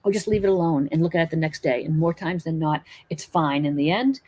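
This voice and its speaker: A woman's voice: deep voice, animated, fairly quick, a little mellow, husky. A woman teaching acrylic painting in a live stream, chatting and encouraging while she works. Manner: chatty, encouraging, thinks aloud while working.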